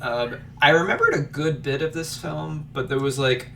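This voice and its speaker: A man's voice: on the high side, moderate pace, vocal fry, pushed and bright, recorded from a distance, slight background noise. A man co-hosting a casual movie podcast, retelling scenes with playful quoted voices. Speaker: podcast co-host.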